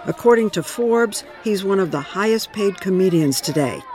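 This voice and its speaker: A man narrating a news profile in a measured, scripted style. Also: sits high, animated, crowd noise.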